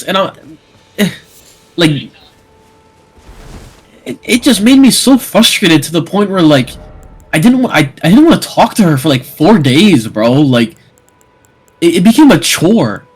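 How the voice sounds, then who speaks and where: Husky young man venting, stammering. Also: fairly high pitch, big pitch swings, measured pace, long pauses, soft background music. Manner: emotional, rambling, frequent restarts and stammers. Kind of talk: casual storytelling chat.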